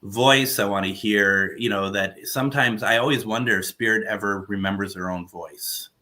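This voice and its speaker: A man talking casually from his home as he runs a spirit box session, halting and restarting as he searches for words. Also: fairly low pitch, fairly even intonation, sharp tone. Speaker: paranormal radio host running a spirit box session. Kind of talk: casual live session chat.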